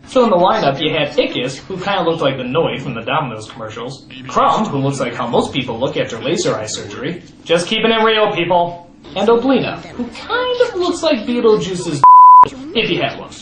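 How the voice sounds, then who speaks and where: A man hosting a comedy review, sarcastic and prone to exaggerated, shouted outbursts. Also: fairly high pitch. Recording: echoey voice over music.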